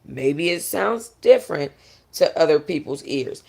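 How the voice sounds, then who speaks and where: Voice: medium pitch, a little slow, creaky. A vlogger giving a casual, opinionated music review, gossipy and blunt, talking straight to viewers and swearing freely. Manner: animated, blunt and profane, with mocking impressions.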